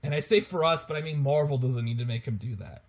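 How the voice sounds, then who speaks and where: A man's voice: mid-range voice, fast talker. A young man co-hosting a podcast in casual chat, joking and laughing often. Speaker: podcast co-host.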